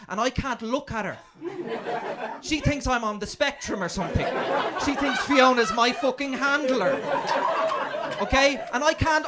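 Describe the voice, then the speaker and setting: A man's voice: very high voice, noisy background. A man with an Irish accent performing a stand-up comedy set, telling stories in a brash, profane way. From Ireland. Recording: comedy club audience laughter.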